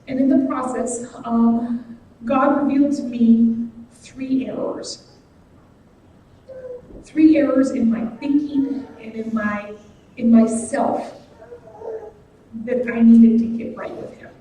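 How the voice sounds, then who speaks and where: Delivering a guest sermon in a church sanctuary, this woman has a slightly high, warm voice with fairly even intonation. Her manner is earnest and personal, her pace slow and deliberate, and she is picked up from far off in an echoey hall with a little background noise.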